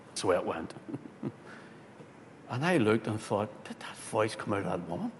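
A man, a pastor telling a story in a sermon, swinging from loud, excited bursts to hushed tones. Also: normal speed, long pauses. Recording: hall reverb with faint rumble.

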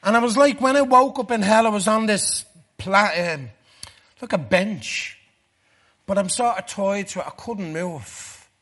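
An Irish man giving a personal testimony sermon to a church gathering, earnest, dropping low and slow for the dark parts. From Ireland.

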